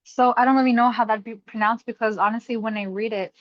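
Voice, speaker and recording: A woman's voice: a little high, fairly even intonation, quick pace, no room sound. Tentative woman student, dull dry sound. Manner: tentative, thinks aloud. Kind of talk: asking questions in class.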